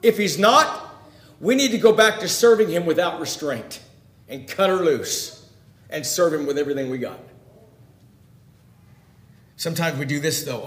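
A man preaching a sermon, putting direct questions to his listeners and swinging between loud emphasis and hushed, quiet lines. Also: on the high side, expressive, moderate pace, long pauses, reverberant.

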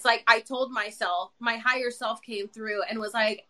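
A woman with a bright, crisp, fairly high voice tells stories with energy. She acts out her own remarks in quick, lively bursts. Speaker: podcast host. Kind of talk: casual chat.

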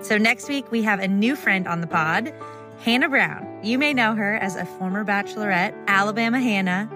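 A young adult woman hosting a podcast, chatting in a warm, agreeable way. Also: mid-range voice, normal speed, over music. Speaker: podcast host. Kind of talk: casual chat.

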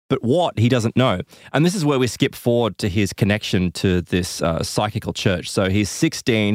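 A man's voice: fairly low pitch, no echo, studio quality. A man hosting a podcast, casually retelling a long story with plenty of fillers and asides.

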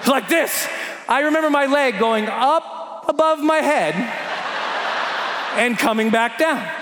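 A man with a very high voice tells an animated story to an audience. He acts out scenes with shouts and sound effects. His voice rings in a roomy hall over faint background noise. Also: slow. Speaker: motivational speaker.

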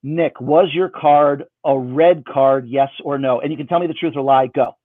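A man's voice: medium pitch, moderate pace, dry recording. A man performing magic for someone over a video call, with playful, self-mocking patter. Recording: dry, phone-like band.

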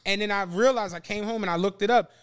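A man with a high-pitched, smooth voice talks at a quick pace as a podcast co-host. He tells animated stories in casual chat, swears freely, and acts out people's words.

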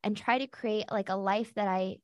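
A woman's voice: mid-range voice, fairly even intonation, moderate pace, no echo, clean studio sound. A woman guest on a podcast, candidly and heartfelt telling her own story with lots of casual fillers.

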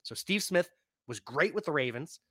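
Male fantasy football podcast host, bright and forceful tone, close dry mic, casual animated delivery. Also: on the high side, moderate pace, dry recording. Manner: animated, laughs at his own points. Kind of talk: casual sports talk.

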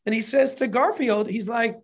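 A man, a film and TV producer, telling a long story in a casual interview, animated and swearing freely. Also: very high voice, moderate pace, slightly rough.

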